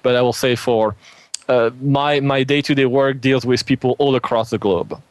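A man with a French accent speaks in a casual interview, eager and loose, leaning on "you know" as he goes. His voice sits mid-pitch, and the sound is dry and close, with no room around it. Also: steady tone, moderate pace, no echo. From France. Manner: lots of "you know" fillers, enthusiastic. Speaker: interview guest. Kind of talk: casual conversation. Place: home, Alabama.

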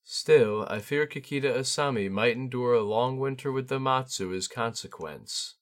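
A gracious young noblewoman of the court speaks with careful formality, as a male narrator puts her on. The voice sits well above a man's usual register. It has the measured politeness of a storybook reading. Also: medium pitch, pitched above the performer's own voice, lightly acted. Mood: courtly.

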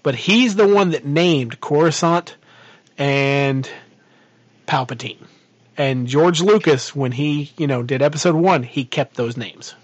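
Male podcast co-host and game master, rambling and full of restarts, a bit high-pitched, dry mic. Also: takes it slowly, no echo, muffled recording. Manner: rambling, many fillers and restarts. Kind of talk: casual podcast chat.

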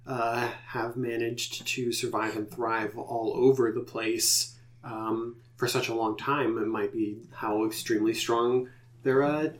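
A man's voice: mid-range voice, flat delivery, a little slow. A man narrating a tabletop game as game master, rambling with many fillers.

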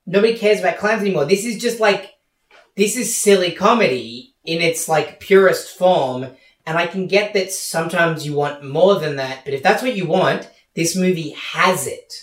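A man's voice: high-pitched, moderate pace. A man co-hosting a podcast in casual chat, playful and argumentative. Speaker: podcast co-host. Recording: echoey room from a distance.

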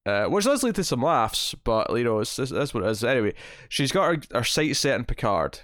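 A man's voice: mid-range voice, a little fast, no echo. Man animatedly recapping in a dry room. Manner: rambling, animated recapping of episode scenes. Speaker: podcast co-host. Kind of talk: casual chat.

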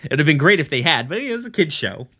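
A man's voice: a little high, very animated, pushed and bright, husky. A man co-hosting a podcast, recapping a cartoon episode in rambling casual chat, swearing freely and laughing often. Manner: rambling, profane, laughs often, voices characters in quick asides.

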